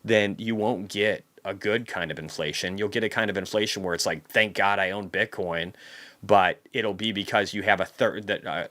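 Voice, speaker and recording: A man's voice: deep voice, a bit bright. A man hosting a market recap livestream, casually ranting with heavy profanity and reading viewer comments aloud. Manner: profane, ranting, heated outbursts.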